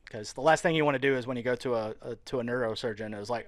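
A man's voice: mid-range voice, racing, no room sound. A man from the Louisiana area of the US South, co-hosting a podcast, joking and rambling with frequent laughs. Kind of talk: casual podcast chat.

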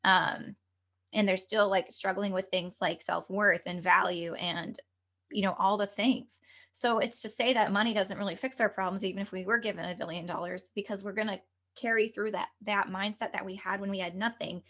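A woman's voice: mid-range voice, steady tone, normal speed, a bit bright. A woman speaking as a guest medium and spiritual coach on a podcast, talking earnestly and chattily, full of "like" and "you know". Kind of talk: conversational podcast interview.

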